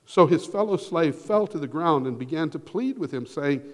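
A man preaching a sermon as a pastor, earnest, swelling loud on key words and dropping nearly to a whisper. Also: fairly high pitch, lively intonation, moderate pace, few pauses. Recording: long hall reverb.

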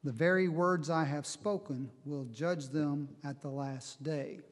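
A man preaching a sermon, reading scripture in a measured way and explaining it. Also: on the high side, fairly even intonation, big-room sound. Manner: measured Bible reading and teaching, slow on quoted verses.

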